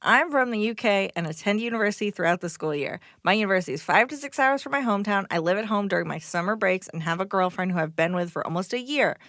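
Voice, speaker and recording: A woman's voice: medium pitch, expressive, fast, hardly any pauses, fairly bright tone, dry recording. A woman co-host reads a listener's advice letter aloud, easygoing and plain. The recording is close and dry, with no room around her voice. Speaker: podcast co-host reading letters.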